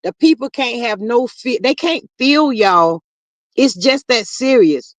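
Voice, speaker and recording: A woman hosting a livestream in casual chat, reading comments aloud in a chatty, drawling way that swings high and low. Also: lively intonation, slow pace, dry recording.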